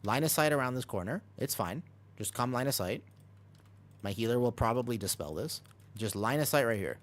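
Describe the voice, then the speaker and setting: A man live-streaming a video game, talking quickly and casually over the action as he guides his team and answers chat from his home streaming room. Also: mid-range voice, lively intonation. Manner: talks fast over gameplay, jumps between coaching and chatting. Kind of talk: live gameplay commentary and chat.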